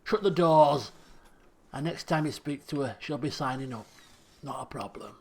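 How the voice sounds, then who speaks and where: A menacing game thug, voiced by a man, drawls out slow threats to a prisoner. The voice is gravelly and set a little high, and it stays cold and deliberate the whole time. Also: a little hiss or hum, lightly acted. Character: menacing male thug colonist, intimidating a prisoner.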